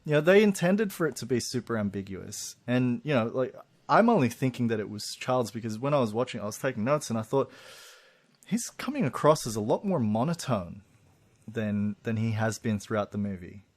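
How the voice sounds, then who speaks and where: A man's voice: medium pitch, lively intonation, fairly quick. A man co-hosting a podcast, chatting casually about a film, laughing often and restarting his sentences. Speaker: podcast co-host. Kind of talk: casual film review chat.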